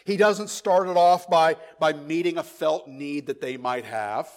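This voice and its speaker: A pastor preaching a sermon, emphatic, repeating key phrases and dropping into quiet asides. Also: male voice, a little high, measured pace.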